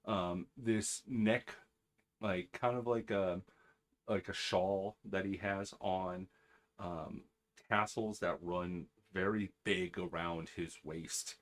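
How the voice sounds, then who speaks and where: A man running a tabletop game with a fairly low voice. He narrates in a loose, rambling way, full of "um" and "like". He talks to his players at a conversational pace. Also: fairly even intonation, takes it slowly. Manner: rambling, full of fillers and restarts. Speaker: game master.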